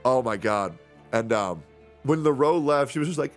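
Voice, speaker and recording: A young man streaming in casual chat, animated and swearing freely. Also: mid-range voice, moderate pace, faint music behind. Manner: animated, swearing, jumps into impressions.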